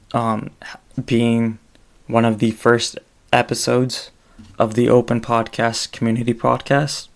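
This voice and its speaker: A man talks alone on his podcast, slow and unhurried, with a gravelly, creaky edge to his voice. His pitch stays flat and level. He rambles and stalls on fillers as he goes. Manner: rambling, halting, many fillers. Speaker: solo podcast host. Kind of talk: casual solo podcast monologue.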